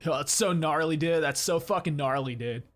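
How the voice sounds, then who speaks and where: A man's voice: on the high side, normal speed, faint music behind, close to an everyday voice. A man voicing a laid-back young male California surfer dude with a lazy, drawling delivery.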